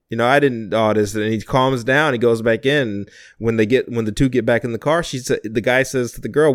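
A man's voice: mid-range voice, normal speed, hardly any pauses, no echo, studio quality. A young man interviewing an older relative in a casual conversation, thoughtful and rambling as he retells stories.

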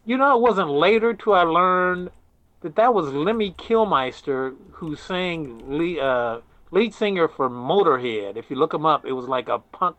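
A man's voice: on the high side, expressive, measured pace, a bit bright, no room sound, dull audio. Rambling older man telling stories. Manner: rambling, says "man" often, many restarts. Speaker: interviewee. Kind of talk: casual storytelling.

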